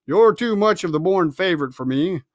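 A man's voice: high-pitched, animated, moderate pace, no echo. A man voicing a blunt, weary old sea captain in a storybook reading.

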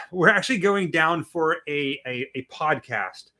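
A man co-hosting a casual livestream, chatting loosely with many halting restarts and reading viewer comments aloud. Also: on the high side, animated, pushed and bright. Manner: halting, restarts often, reads chat aloud. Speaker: co-host of a livestream watch party.

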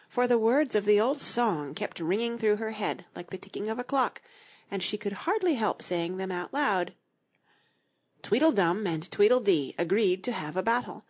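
A woman reading a children's audiobook aloud in an expressive, storytelling manner. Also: mid-range voice, slightly rough. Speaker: audiobook narrator.

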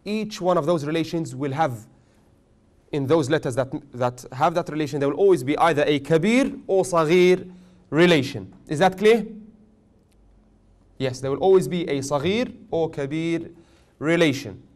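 A man teaching a tajweed class, questioning his students often and joking gently. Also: on the high side, moderate pace. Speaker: Quran recitation teacher.

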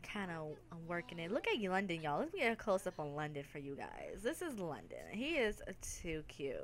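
A woman's voice: lowish voice, wildly swooping pitch, moderate pace. A woman hosting a let's play, giving playful, chatty, teasing commentary over game chatter. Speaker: gaming channel host.

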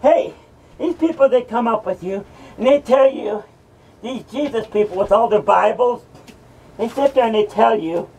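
Someone doing Mr Grimm, a raspy cackling madman. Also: medium pitch, moderate pace, mellow, far from the mic, poor audio. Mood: ranting taunting. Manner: ranting, taunting, cackling, profane. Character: mocking male madman host from hell. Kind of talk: horror persona rant.

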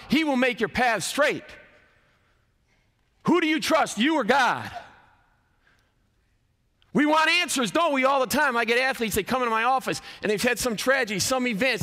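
A man's voice: very high voice, bright, forceful tone. Emphatic preaching man in a big hall. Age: 50s. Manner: emphatic, preacherly, rising and dropping for effect. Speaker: college athletic director and speaker. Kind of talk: chapel sermon. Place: large college chapel. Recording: long hall reverb.

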